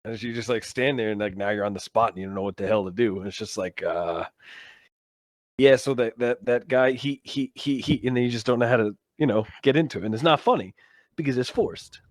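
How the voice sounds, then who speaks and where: A man's voice: medium pitch, fairly quick, no room sound, clean studio sound. A young man co-hosting a gaming podcast, rambling and swearing freely in casual chat from his home setup. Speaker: podcast co-host.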